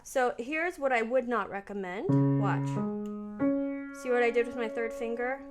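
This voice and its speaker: A woman piano teacher talking through her practice in a relaxed, chatty way, thinking aloud as she plays. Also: fairly high pitch, a little slow. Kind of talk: casual piano practice lesson. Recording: voice over loud piano playing. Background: piano playing.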